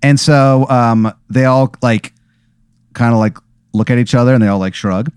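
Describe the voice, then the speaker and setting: A man's voice: mid-range voice, normal speed, a little mellow, smooth, no echo, studio quality. A young man in a casual podcast, improvising a rambling story full of fillers and hesitations. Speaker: podcast host.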